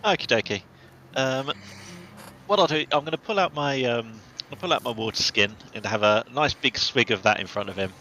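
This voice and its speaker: A man's voice: mid-range voice, moderate pace, bright, forceful tone, slight background noise, low-quality recording. A man playing a tabletop game, speaking playfully and expressively as his character. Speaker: player. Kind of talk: tabletop role-play, in and out of character.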